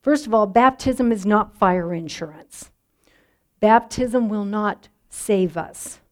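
A woman pastor preaching a sermon in a measured, reflective way, letting line endings drop softly. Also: medium pitch.

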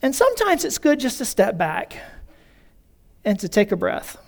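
A man's voice: extremely high pitch, huge pitch swings, moderate pace, gravelly. A male pastor preaching a conversational sermon in a church, calling his congregation folks.

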